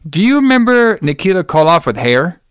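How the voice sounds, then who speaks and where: A man's voice: sits high, big pitch swings, brisk, a bit bright, smooth, no room sound, clean studio sound. A man hosting a podcast in casual chat, rambling, laughing and swearing freely. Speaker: podcast host.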